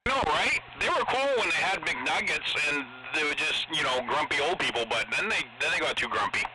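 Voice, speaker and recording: A man with a fairly high, very lively voice talks over a CB radio channel with loud noise behind him. He is opinionated and outspoken and swears freely. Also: fairly quick. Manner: animated, opinionated, profane. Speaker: CB radio operator. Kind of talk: casual radio chat.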